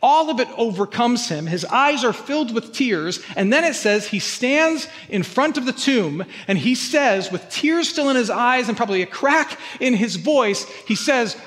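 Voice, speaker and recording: A pastor delivers an earnest sermon in a fairly high voice, doubling back on his words as he builds each point. The sound rings out with a long hall reverb, as if caught in a church sanctuary. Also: animated, moderate pace, hardly any pauses, a bit bright. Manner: earnest, repeats words when stressing a point.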